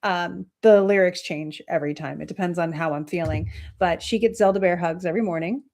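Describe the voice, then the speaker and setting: A woman's voice: lowish voice, a little fast. Chatty woman hosting a livestream. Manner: chatty and rambling, many fillers and soft laughs. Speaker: astrology livestream host. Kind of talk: casual chat with viewers.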